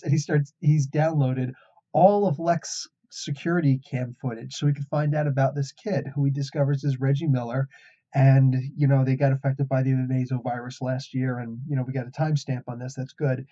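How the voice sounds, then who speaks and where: A man's voice: a little high, moderate pace, dark tone. A man hosting a casual comic book review, an enthusiastic storyteller who chuckles as he recaps. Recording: dull lo-fi recording.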